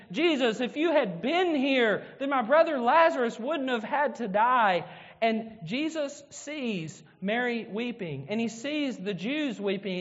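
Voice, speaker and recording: A man preaching a sermon, retelling a scripture story and acting out its quotes. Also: high-pitched. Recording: dull sound with long hall reverb.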